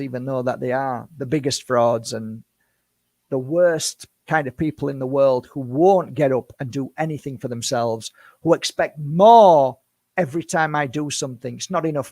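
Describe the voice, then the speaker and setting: A man's voice: mid-range voice, vocal fry, a little mellow, no room sound. A man in his fifties, a spiritual healer, speaking to camera in an impassioned, defensive monologue full of rhetorical questions. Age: 50s.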